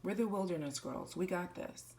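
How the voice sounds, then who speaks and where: A woman voicing a playful mini movie about girls at a camp, switching between excited girls and a low teasing brother. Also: moderate pace, vocal fry, distant mic. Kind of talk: playful doll-play mini movie, several voices.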